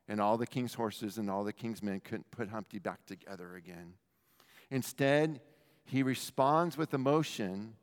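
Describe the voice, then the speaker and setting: A middle-aged man preaching a sermon as pastor, animated and talking straight to the congregation. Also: a little high, smooth. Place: church hall. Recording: long hall reverb.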